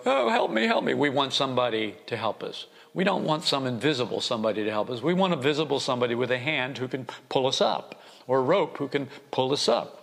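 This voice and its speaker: A man's voice: mid-range voice, creaky, a bit bright. A man preaching a conversational, wry sermon, often acting out the voices he quotes. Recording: long reverb.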